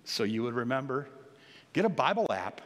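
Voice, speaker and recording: A man's voice: medium pitch, very animated, moderate pace, fairly bright tone, long reverb tail. An older man preaching as a pastor, earnest and exhorting, lifting his voice on key points. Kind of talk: sermon.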